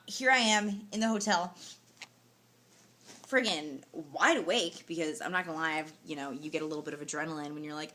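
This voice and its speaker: A young woman vlogging casually from a hotel room, telling a story in a tired, emotional but animated way, full of fillers like "like" and "you know". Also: on the low side, a little fast, a little hiss or hum. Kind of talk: casual vlog to camera.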